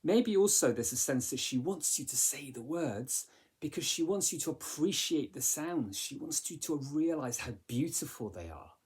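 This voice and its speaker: Man, english teacher, slightly husky voice, conversational, rhetorical questions, explaining a poem. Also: fairly high pitch, expressive, normal speed, darkish tone. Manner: chatty, asks rhetorical questions, many fillers. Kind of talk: recorded literature lesson.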